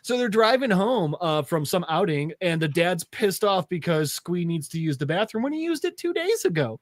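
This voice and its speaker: A man with a high voice hosts a comic segment on a casual podcast. He tells the story with energy and slips into character voices. The recording is dry and close. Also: normal speed, hardly any pauses, no echo. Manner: animated storyteller, acts out voices. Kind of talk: casual chat, retelling a comic.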